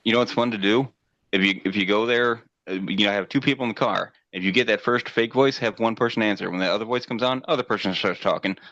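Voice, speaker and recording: A middle-aged man co-hosting a podcast talks fast in a low, slightly bright voice, ranting casually with profanity and doing voices in his stories. The recording is dry and dull-sounding.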